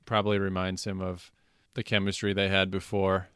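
A man's voice: low-pitched, completely flat delivery, moderate pace, a bit bright, smooth, dry recording, clean studio sound. A man co-hosting a podcast who agrees easily and chimes in during a casual album discussion. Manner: agreeable, chimes in with short affirmations. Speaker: podcast co-host.

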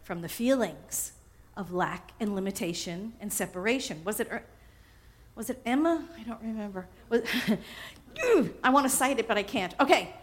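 A woman minister preaching a sermon, animated and often laughing, repeating phrases for emphasis. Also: medium pitch, moderate pace. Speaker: spiritual minister.

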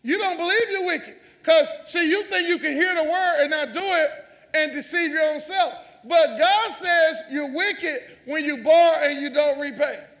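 A man's voice: very high voice, normal speed, a bit bright. A man with a Southern US accent preaching a sermon in a church, calling out to the congregation and teasing them. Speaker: pastor. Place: church sanctuary. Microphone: handheld or stage mic.

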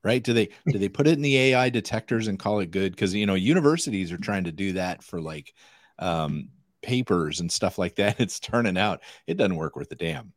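A man's voice: low-pitched, animated, a little fast, no echo, studio quality. A man co-hosting a podcast in casual chat, telling stories animatedly and acting out quoted dialogue. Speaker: podcast co-host.

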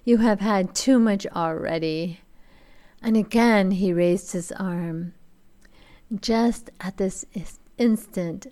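Slow, measured woman lecturer. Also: medium pitch, mellow. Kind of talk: reading a fairy tale aloud, then lecturing.

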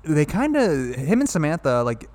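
A man's voice: a little high, sing-song, normal speed, darkish tone. A man co-hosting a casual film discussion, rambling and filling his talk with "like" as he retells scenes. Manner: rambling, heavy use of "like", retells scenes with quoted dialogue. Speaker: film review podcast co-host. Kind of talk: casual chat.

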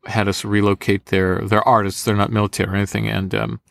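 A man's voice: fairly low pitch, fast, creaky. A young American man, a voice actor, telling stories in a casual interview and slipping into impressions. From United States. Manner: animated storyteller, slips into impressions. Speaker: voice actor guest.

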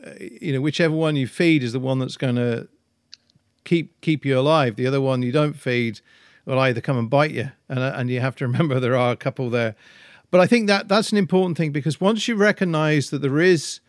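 A podcast co-host chats casually and thoughtfully, hesitant and full of restarts and fillers. His mid-range voice runs a little fast, with clean studio sound and no echo.

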